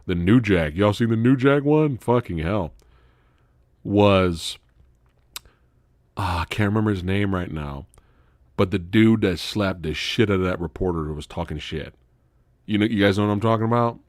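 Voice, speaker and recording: His voice on the low side, the male host of a casual live stream curses and laughs his way through lively stories at a moderate pace, leaving long pauses. The recording is dry and cleanly studio-produced.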